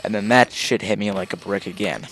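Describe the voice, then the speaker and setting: Deep gravelly young man telling a story. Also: fairly quick, background noise. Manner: rambling, full of fillers and swearing. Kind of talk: casual storytelling.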